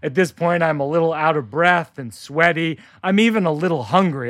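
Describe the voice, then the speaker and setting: Deadpan man telling a comic story. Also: fairly high pitch, moderate pace, dry recording, clean studio sound. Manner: deadpan, self-deprecating delivery. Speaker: podcast host. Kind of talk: comedic storytelling.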